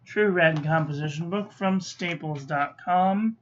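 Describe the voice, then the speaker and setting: In a casual, hands-on review, a woman gives short verdicts on ink on paper, mixing in chatty asides. Her voice sits lowish and she takes her time, with slight background noise on a slightly muffled lo-fi recording.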